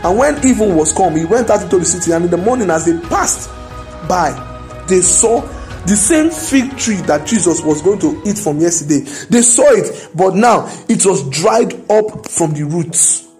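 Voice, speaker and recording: High-voiced, emphatic preacher. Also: male voice, lively intonation, normal speed, faint music behind. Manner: emphatic, rising to loud declarations. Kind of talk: sermon.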